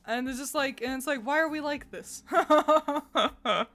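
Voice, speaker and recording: A woman's voice: high-pitched, unhurried, a bit bright. A young woman from the United States streaming and chatting casually with her viewers, rambling with frequent laughter and restarts. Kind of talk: casual chat with chat readers.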